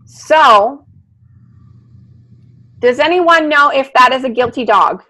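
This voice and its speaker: Woman dog trainer, high and bright, lively online teacher. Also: takes it slowly, rough recording. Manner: animated, talks through a video, asks the class questions. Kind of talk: live online lesson talking over video. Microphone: video call.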